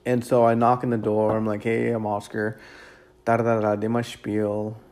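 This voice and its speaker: A real estate agent telling stories about his job in a casual, rambling way, full of fillers and repeated words, relaxed and candid with some mild cursing. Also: on the low side, moderate pace. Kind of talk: casual storytelling.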